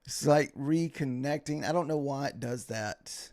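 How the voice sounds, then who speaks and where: A man's voice: mid-range voice, a little slow, dry recording. Tired male streamer talking through his trades, casual and rambling, dry close mic. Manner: relaxed, rambling, thanks followers by name. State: tired, yawning. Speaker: livestream futures trader. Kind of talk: casual live-stream commentary.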